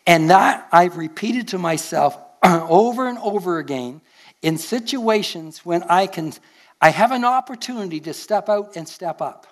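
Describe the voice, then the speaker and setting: Older man, Canadian accent, pastor, earnest sermon storytelling, slightly higher voice. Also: expressive, measured pace. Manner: storytelling, earnest, chuckles at himself.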